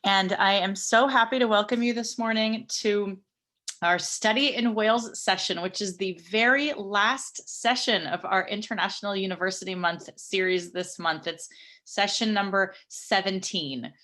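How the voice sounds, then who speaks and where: A woman's voice: medium pitch, normal speed. A woman school counselor welcoming students to an online session, speaking with many fillers. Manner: warm, filler-heavy welcome. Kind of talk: session introduction. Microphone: video call.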